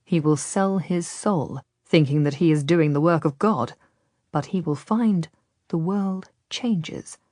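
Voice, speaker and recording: A woman voicing a smooth, persuasive Ottoman nobleman who speaks quietly and gently in an audiobook. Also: low-pitched, no echo, studio quality.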